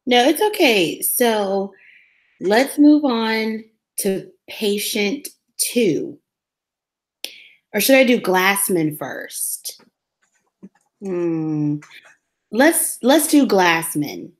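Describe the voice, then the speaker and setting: A woman co-hosting a casual podcast, recapping a TV episode and acting out the characters' lines in a lively way. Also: mid-range voice, extremely slow, pauses often. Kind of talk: casual chat.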